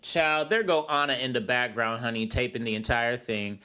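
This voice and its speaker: A young man giving a sassy, dramatic recap of a reality show, often mimicking cast members in high voices. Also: moderate pace, bright, forceful tone, clear, resonant tone. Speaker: YouTube reality TV reviewer. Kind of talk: casual commentary recap.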